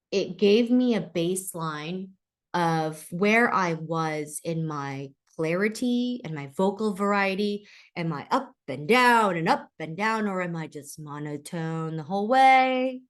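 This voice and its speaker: A woman's voice: fairly low pitch, lively intonation, slow. A woman teaching a public speaking webinar in a chatty way, reading out questions from the chat. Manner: conversational, reads audience questions from chat.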